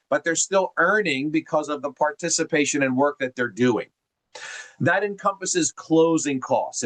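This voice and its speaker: Lively high-pitched man from New Jersey. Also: poor audio. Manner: animated, folksy, calls listeners gang. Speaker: mortgage presenter on a group call. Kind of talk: energetic seminar talk.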